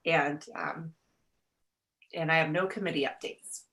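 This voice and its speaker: A woman serving as a school board clerk, giving emotional, halting thanks at a virtual board meeting. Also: low voice, steady tone, fairly bright tone. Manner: emotional, halting, laughing through tears. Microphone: video call.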